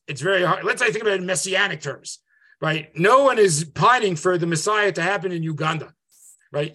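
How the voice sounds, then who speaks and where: Bright, high-voiced rabbi teaching over a call. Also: male voice. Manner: lively, conversational, tag questions like "right?". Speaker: rabbi teaching an online class. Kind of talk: interactive Zoom lecture. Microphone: video call.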